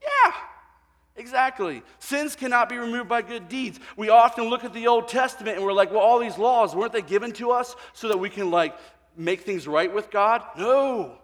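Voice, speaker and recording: Man, pastor, lively storytelling sermon, voices people in his stories, high voice, long echoing hall. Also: moderate pace. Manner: animated storyteller, voicing people in his anecdotes, swinging from quiet to shouting. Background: congregation.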